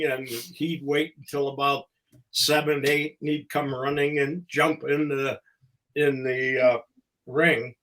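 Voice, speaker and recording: An older man, a former wrestling promoter and ring announcer, telling stories casually as a podcast guest, halting and fond, with pauses between phrases. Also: on the high side, fairly even intonation, fairly bright tone, rough recording. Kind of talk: casual anecdotal storytelling.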